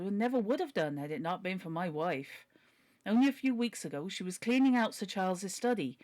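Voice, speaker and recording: A woman's voice: fairly low pitch, close to an everyday voice. A woman reading a deferential older male butler. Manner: earnest, deferential, begging. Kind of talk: reading a novel aloud.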